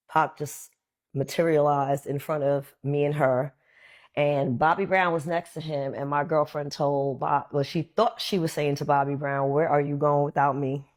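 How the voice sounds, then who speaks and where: A woman with a low-pitched voice recounts a memory in a relaxed, chatty way. She animates the story by putting on other voices for the people she quotes. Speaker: interview guest. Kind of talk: casual storytelling.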